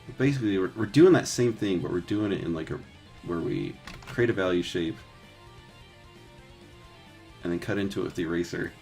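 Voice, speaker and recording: A man in his thirties, a 3D artist, streams himself painting textures live and chats casually in a low, darkish voice. He talks a little fast but leaves long pauses, rambling with plenty of filler words, swearing and laughing easily. Faint music plays behind him.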